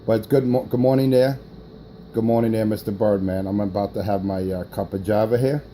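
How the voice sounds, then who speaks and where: A man's voice: fairly low pitch, fairly even intonation, a little fast, warm tone, a little hiss or hum, low-quality recording. A man talking on a CB radio, boastful and rambling, with many fillers. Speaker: CB radio operator. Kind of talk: radio chatter.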